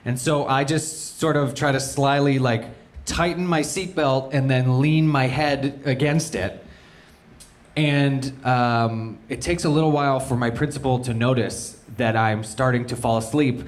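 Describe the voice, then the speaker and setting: A man from Canada, a stand-up comedian telling a story live on stage, animated, with his voice jumping up when he gets excited. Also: medium pitch, a little slow. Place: live comedy venue with audience.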